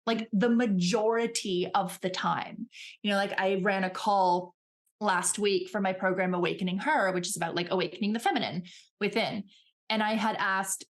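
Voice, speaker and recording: A woman coach speaking as a podcast guest, animated and chatty, often acting out little voices in her examples. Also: mid-range voice, normal speed. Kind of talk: casual chat.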